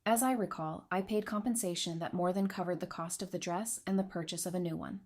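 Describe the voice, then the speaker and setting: A woman's voice: fairly low pitch, steady tone, fairly quick, darkish tone, lightly acted. A woman reading the lines of a cold, stern young male duke in a storybook recap, in a clipped, accusing manner.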